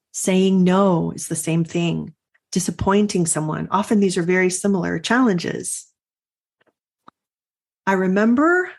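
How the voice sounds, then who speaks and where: A middle-aged woman hosting a coaching podcast, telling a personal story in an earnest, reflective way with pauses and restarts. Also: fairly low pitch, vocal fry. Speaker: life coach and podcast host.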